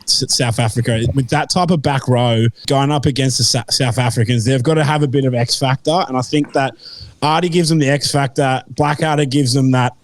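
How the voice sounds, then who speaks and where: A man on a sports podcast panel giving his opinion slowly and hesitantly, with many pauses and ums. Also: mid-range voice, slight background noise. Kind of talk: casual sports chat.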